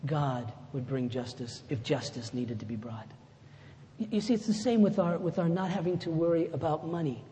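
A pastor giving a sermon in a conversational way, rising to loud emphatic lines and dropping to soft, low asides. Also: male voice, expressive, normal speed, a little hiss or hum. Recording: echoey hall with faint ambience.

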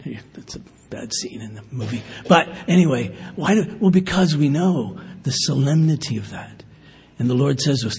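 A man's voice: medium pitch, moderate pace, a little mellow, slightly rough. A man preaching a sermon in a conversational, earnest way, with fillers and asides. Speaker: pastor. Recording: long hall reverb.

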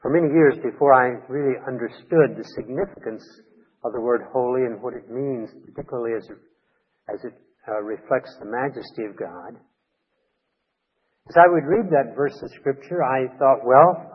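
A man's voice: on the high side, breathy edge. A man preaching a sermon as a pastor, earnest and emphatic, repeating key words for weight. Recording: long reverb, dull lo-fi sound.

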